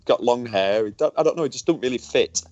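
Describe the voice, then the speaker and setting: A man's voice: medium pitch, expressive, fast talker, darkish tone, dry recording. Northern English man in his forties, podcast co-host, candid, jokey storyteller, dry close sound, slightly muffled. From northern England. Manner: candid, jokey, swears freely. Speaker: podcast co-host, former motorbike racer. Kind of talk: casual podcast chat.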